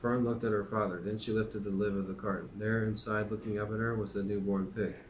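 A man's voice: on the low side, brisk, slight background noise. A man hosting a podcast, chatting casually with many fillers and then reading a children's book aloud. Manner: relaxed, hesitant, many fillers.

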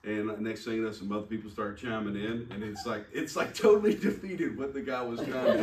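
A man preaching in a casual storytelling way, chatty and quick to laugh, full of "you know.". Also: fairly low pitch, animated, crowd noise. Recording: roomy sound from a distant mic with faint background hum.

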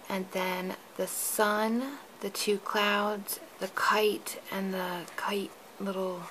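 Woman, slow, soft half-whispered delivery, crafting tutorial, noisy background. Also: mid-range voice. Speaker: papercraft tutorial host. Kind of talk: show-and-tell card-making tutorial.

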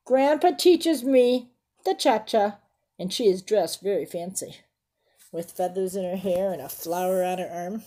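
A woman's voice: medium pitch, unhurried, mellow. A woman reading a picture book aloud to children, stopping often to ask about the pictures and explain fancy words. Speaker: storybook reader.

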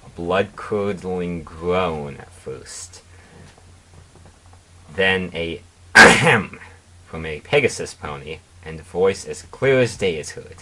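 A man narrating a comedic dramatic reading of fan fiction in a deadpan way, with mocking asides. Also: deep voice, takes it slowly, slight background noise.

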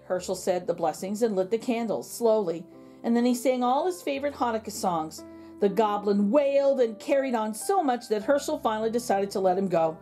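Faint music plays behind a woman whose voice sits a little high as she reads a children's picture book aloud with slow, expressive storytelling.

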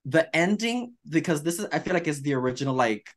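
A man co-hosting a podcast in casual chat, animated and campy, calling people darling. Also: a little high, fast talker. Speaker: podcast co-host.

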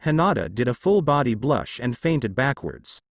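A man reads a fan fiction story aloud in a plain, steady way, his pitch rising and falling with life. The recording sits close to the mic and is dry, with no room sound. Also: moderate pace, no echo. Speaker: narrator.

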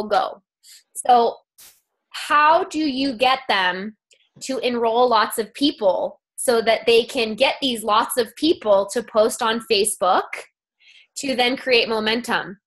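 Young adult woman, peppy sales coach, fairly high voice, acts out dialogue as she tells stories. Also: a bit bright. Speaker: guest speaker on a sales team call. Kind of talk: casual coaching talk.

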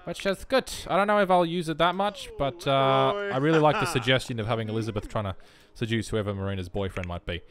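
A man's voice: medium pitch, quick pace, few pauses, fairly bright tone. A young man giving wry, self-mocking commentary while playing a life-simulation game. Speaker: let's play host. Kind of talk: casual gameplay commentary.

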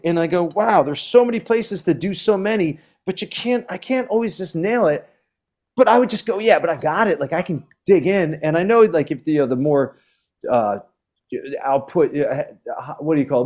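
This is a man with a slightly high voice, chatting as a guest. He rambles with excitement and keeps restarting his sentences, piling on fillers as he goes. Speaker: guest musician. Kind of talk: casual chat.

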